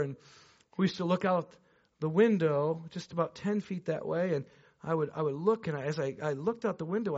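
A man with a high, light voice preaching to his congregation, animated and chatty. He swings from loud, excited bursts down to quiet, hushed stretches. The recording sounds dull and lo-fi. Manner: chatty, addresses the congregation directly with asides. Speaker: pastor. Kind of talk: sermon with personal story.

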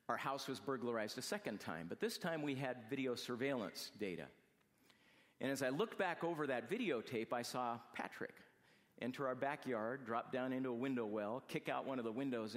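A man telling an emotional personal story, speaking quietly and slowly, softening to a hush at tender moments. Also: mid-range voice, in a large hall.

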